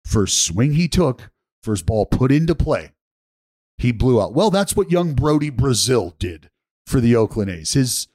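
A man's voice: medium pitch, big pitch swings, measured pace, darkish tone, no echo, clean studio sound. A man hosting a casual podcast, telling stories with profanity and playful ribbing. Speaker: podcast host. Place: hotel bathroom.

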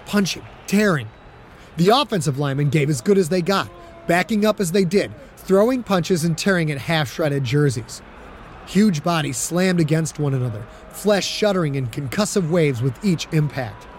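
A man narrating an audiobook in a steady storytelling manner. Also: on the high side, normal speed, slight background noise.

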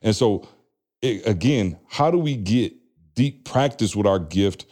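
A fairly low male voice in relaxed podcast chat. He sets up questions for his co-host in a loose way, with plenty of fillers. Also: unhurried.

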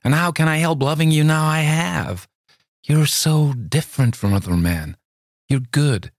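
A man with a low voice playing an eager young American woman who pleads her love in a raised, emotional voice. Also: unhurried, dry recording, studio quality. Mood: pleading. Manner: breathless, imploring, emotional.

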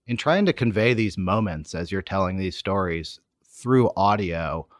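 Low-voiced male interviewer, dry sound. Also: lively intonation, measured pace, dry recording. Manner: long, searching questions. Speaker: podcast host, interviewer. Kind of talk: interview questions.

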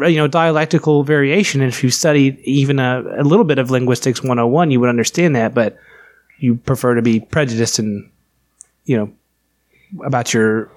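A man's voice: medium pitch, fairly even intonation, fairly quick. A man chatting casually on a podcast, rambling and crude, often restarting his sentences. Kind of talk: casual chat.

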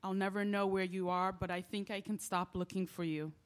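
A woman in a stage play who speaks in a confiding monologue. She rambles with emotional feeling, her voice at a mid pitch. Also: level tone, fairly quick. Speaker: lead character in a stage play.

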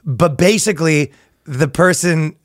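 A man's voice: on the high side, measured pace, no echo, clean studio sound. A man co-hosting a comedy podcast in casual chat, joking and laughing often. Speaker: podcast co-host.

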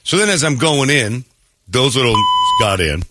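This morning radio host has a mid-range, sing-song voice at normal speed, pushed and bright. He clears his throat and rambles through casual stories, acting out quotes. The studio-mic recording is dry and studio quality.

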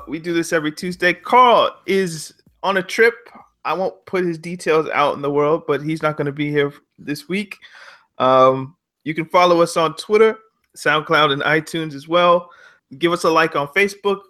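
A man with a bright, fairly high voice hosts a casual football podcast. He talks in a relaxed way, pausing on ums as he reads out listener reviews and chats with his co-host. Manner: relaxed, hesitant with frequent ums.

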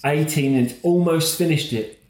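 A man's voice: a little high, normal speed, crowd noise. A man telling a personal story in a rambling, self-mocking way, as a guest in casual conversation. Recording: roomy echo.

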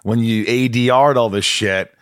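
A man hosting a casual interview, animated and acting out quotes in little voices. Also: medium pitch, moderate pace, no echo, clean studio sound. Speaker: host.

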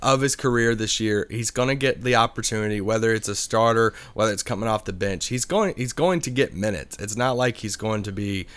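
A man co-hosting a sports podcast, talking earnestly and thinking out loud. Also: lowish voice, fairly quick, few pauses, smooth. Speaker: podcast co-host. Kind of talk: casual sports podcast chat.

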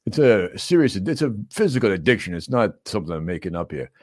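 A man's voice: fairly low pitch, big pitch swings, fast, dry recording, studio quality. A man playing a mumbling, boastful middle-aged male action-movie star as a comic talk show host. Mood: hyped, boastful. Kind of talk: comedic celebrity impression.

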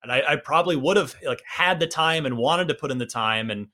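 Bright-voiced man in his forties, rambling. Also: a little high, animated, a little fast. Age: 40s. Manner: rambling, self-deprecating, many restarts. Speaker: podcast host. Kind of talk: casual gaming podcast chat.

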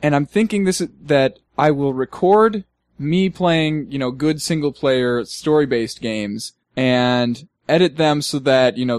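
A young man chatting loosely as a podcast co-host, wandering through his thoughts with lots of fillers and easy laughter. His voice sits at an ordinary middle pitch, and it sounds close and dry, with no room around it. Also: no echo. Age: young adult. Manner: rambling, laughs often, many fillers. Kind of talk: casual chat.

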